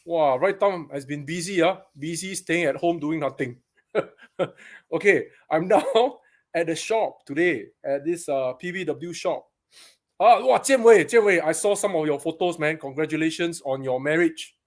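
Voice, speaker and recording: A man's voice: a little high, moderate pace. Live-stream host: Singaporean man, upper-ish voice, chatty, laughs easily, greets viewers by name. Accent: Singaporean English. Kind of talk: casual live-stream chat. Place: paintball shop.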